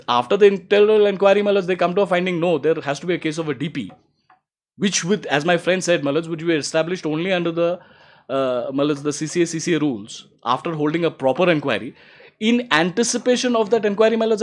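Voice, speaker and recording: A man, an advocate replying to opposing counsel in court, formal and emphatic, with "my lords" threaded through his argument. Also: fast. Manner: formal and emphatic, repeats "my lords", rises in pitch to stress points.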